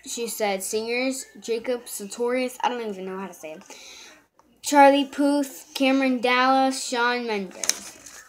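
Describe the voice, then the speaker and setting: A young woman vlogs casually from her bedroom on a handheld phone, rambling with frequent "so" and "yeah" fillers. She speaks a little slowly in a slightly high voice, and there's background noise.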